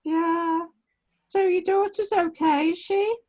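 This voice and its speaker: A woman's voice: very high voice, fairly even intonation, takes it slowly, a little mellow. A woman chatting casually over a video call in an online class, often repeating herself. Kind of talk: casual chat. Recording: dull lo-fi video call audio.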